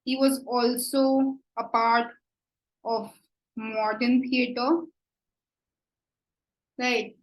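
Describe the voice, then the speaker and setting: A woman with an Indian English accent giving an exam coaching lecture, slow and deliberate, often checking with "right?". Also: on the high side, fairly even intonation, roomy sound, low-quality recording. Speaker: teacher.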